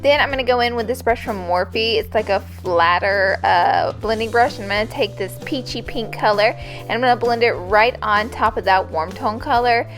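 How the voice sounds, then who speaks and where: A woman's voice: a little high, moderate pace, a bit bright, faint music behind. Bubbly young woman doing a makeup tutorial. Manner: bubbly, gushing, chatty. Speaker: beauty YouTuber. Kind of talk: casual makeup tutorial talk.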